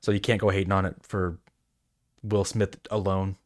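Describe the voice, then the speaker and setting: A man's voice: deep voice, level tone, moderate pace. A man co-hosting a casual movie podcast, rambling with lots of fillers and swearing. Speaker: podcast co-host. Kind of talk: casual movie review chat.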